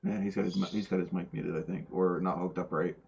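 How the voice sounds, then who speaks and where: A man's voice: low-pitched, little pitch movement, fast, vocal fry, darkish tone, a little hiss or hum. A man hosting a casual podcast livestream, rambling and stumbling over repeated words. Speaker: podcast host. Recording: dull lo-fi stream audio.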